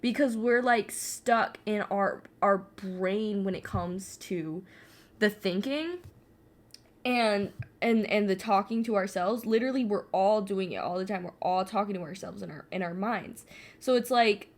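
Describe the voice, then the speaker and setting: A young woman chatting alone while she paints, rambling and self-mocking, swearing often and now and then breaking into yelling. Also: mid-range voice, a little slow. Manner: frequent swearing and filler "like". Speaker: vlogger. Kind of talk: casual chat while painting. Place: alone at home.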